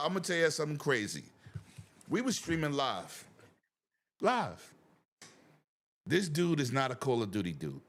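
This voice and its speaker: Male host, casual chat, loud and lively, bright voice, keeps cutting in. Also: medium pitch. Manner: loud, animated, talks over others. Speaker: show host.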